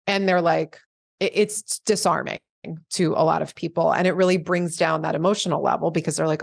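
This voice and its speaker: Woman, 40s, interview guest, calm and measured, fry in the voice. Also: sits low, dry recording, clean studio sound. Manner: calm, measured, acts out quoted dialogue. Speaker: attorney guest. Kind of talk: conversational interview answers.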